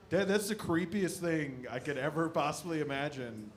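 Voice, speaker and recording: A stand-up comedian man from the American Midwest, telling animated stories about his family on a club stage. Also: on the high side, normal speed, crowd noise. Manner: animated storytelling, shouting impressions of his dad.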